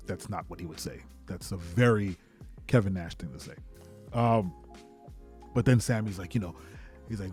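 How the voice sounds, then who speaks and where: A man hosting a podcast, narrating an imagined match in excited play-by-play and shouting sound effects. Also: fairly low pitch, normal speed, long pauses, soft background music. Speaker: podcast host.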